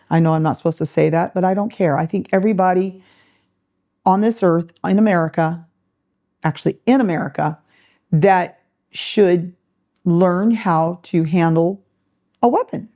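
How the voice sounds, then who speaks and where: A middle-aged woman hosts a podcast in a lowish, mellow voice, telling a story casually. She acts out the voices of the people she quotes and laughs often.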